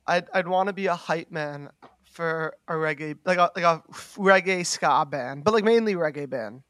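High bright-voiced young man rambling. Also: unhurried, no room sound, clean studio sound. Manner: rambling, heavy use of "like", laughs often. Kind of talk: casual chat.

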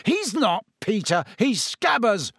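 A man voicing a stubborn, panicky teenage boy who talks shakily and yells. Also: sits high, big pitch swings, slow pace, breathy edge, no room sound, studio quality, pitched above the performer's own voice, heavily acted. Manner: shaky, yelling.

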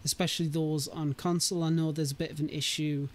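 Man, higher-pitched, casual livestream host, hesitant, rambling, laughing. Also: little pitch movement, fast talker. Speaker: streamer hosting a modding chat.

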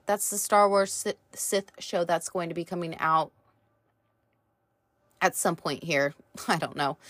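A woman's voice: on the low side, a bit bright, no room sound. A woman reviewing a TV show in a casual, rambling chat, full of fillers and the odd swear word.

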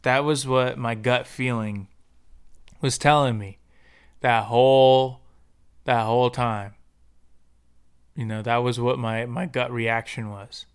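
A man's voice: mid-range voice, slow pace, pauses often, smooth. A young American man hosting a podcast, telling a personal story in a candid, profane and slangy way. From United States. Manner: profane, slangy, animated when quoting others. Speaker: podcast host.

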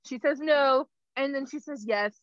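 A woman's voice: sits high, no room sound. A young woman giving a casual, playful plot synopsis, slipping into characters' lines with laughter. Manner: playful, acts out characters in quick asides and laughs. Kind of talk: casual chat. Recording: dull, lo-fi sound.

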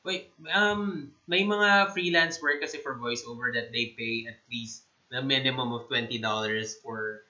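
Bright-voiced Filipino man chatting casually. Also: mid-range voice, moderate pace. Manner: thoughtful, mixes English with Tagalog. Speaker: guest. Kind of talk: casual chat. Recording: slightly muffled lo-fi audio.

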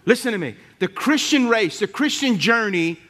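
Preacher guy, middle-aged, high bright voice, gets loud and fired up. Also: moderate pace. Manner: animated, rising to shouts, repeats "come on". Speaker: pastor. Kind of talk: sermon.

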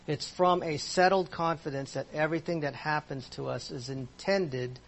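A man's voice: on the high side, normal speed, gravelly, slight background noise. A man teaching a Bible class in a conversational way, asking his listeners questions as he explains verses.

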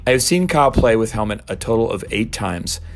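A man's voice: fairly low pitch, animated, a little fast, a little hiss or hum. A middle-aged man hosting a show, telling a story casually and acting out quotes in raised voices. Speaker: podcast host.

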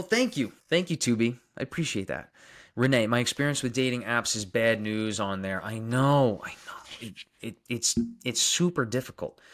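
Young man, long island accent, slightly low voice, casual livestream chat, repeats phrases as he answers viewer comments. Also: a bit bright. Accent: Long Island New York. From Long Island, New York. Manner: reads viewer names aloud and answers them, often repeating phrases. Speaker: dentist hosting a livestream.

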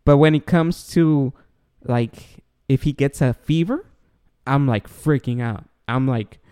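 Speaking slowly in a warm, smooth, medium-pitched voice, a podcast co-host chats casually. He narrates a story while performing his own reactions to it.

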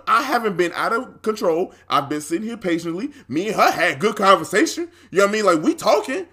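A young man co-hosting a podcast, telling a story in a casual, animated way, swearing freely and acting out what people said. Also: high-pitched, fairly quick, hardly any pauses, slightly rough. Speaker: podcast co-host.

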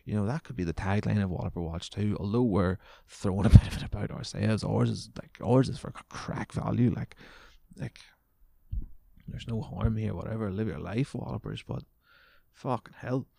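A man's voice: on the low side, normal speed, creaky, mellow, no echo. A man hosting a casual solo podcast, sweary and sarcastic, his voice wearing out. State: voice going. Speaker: podcast host.

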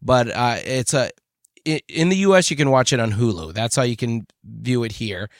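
A man co-hosting a podcast, giving a chatty, animated recommendation. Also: medium pitch, normal speed, no echo, studio quality. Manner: lively, chatty storytelling. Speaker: podcast co-host. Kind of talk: casual chat.

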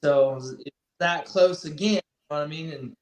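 Male guest, easygoing storyteller with a slightly high voice, echoey room sound. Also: moderate pace. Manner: laid-back storytelling, swears freely. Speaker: racer guest. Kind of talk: casual podcast chat.

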